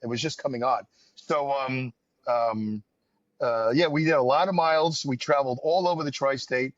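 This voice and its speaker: Speaking at a normal speed with a medium-pitched voice, a man from the New York area hosts a podcast full of rambling, wry, filler-heavy storytelling in casual chat. The audio is dull and lo-fi, dry with no room sound.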